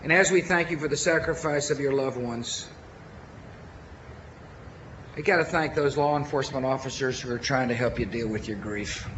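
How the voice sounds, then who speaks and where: A man with a Texan accent giving a formal memorial speech as president, earnest and measured, with deliberate pauses. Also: mid-range voice, a bit bright, muffled recording, slight background noise.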